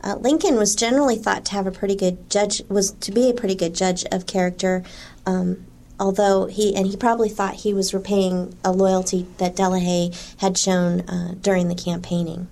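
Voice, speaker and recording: A woman's voice: mid-range voice, fairly even intonation, moderate pace, gravelly, dark tone. A woman guest answering interview questions about history, thoughtful and hesitant, with frequent fillers. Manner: thoughtful, with frequent ums and small laughs.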